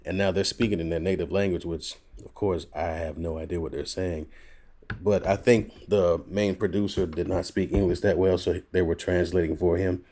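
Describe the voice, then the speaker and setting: Animated man telling stories with laughter. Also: sits low, moderate pace. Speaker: voice actor guest. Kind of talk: candid podcast storytelling.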